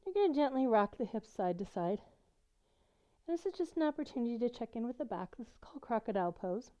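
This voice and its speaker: Middle-aged female yoga instructor, slightly breathless, gentle encouraging guidance, pitch a little high. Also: sing-song, quick pace, lo-fi sound. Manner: gentle, encouraging, explains as she demonstrates. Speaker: yoga teacher.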